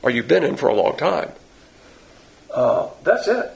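A man's voice: on the high side, sing-song, unhurried, creaky, slightly rough. A man teaching a sermon on the Bible in a blunt, folksy, emphatic way.

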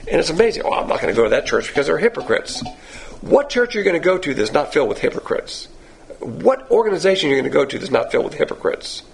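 Gravelly Southern pastor, lively and blunt. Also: male voice, fairly high pitch, slight background noise. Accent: Southern American. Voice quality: hoarse at times. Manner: blunt, self-deprecating, folksy. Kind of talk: Bible class teaching. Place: church classroom.

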